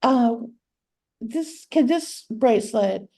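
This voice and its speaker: A woman's voice: a little high, animated, takes it slowly, mellow. A woman from Louisiana with a Southern accent, co-hosting a casual chat and laughing often. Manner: playful, laughs often, drawls for fun. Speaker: podcast co-host.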